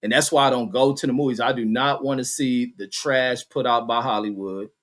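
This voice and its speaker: A man's voice: mid-range voice, steady tone, a little fast, fairly bright tone. A man hosting a vlog who tells stories and reads out chat in a rambling, blunt way, with heavy swearing. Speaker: vlogger host reading chat. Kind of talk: casual profane storytelling rant.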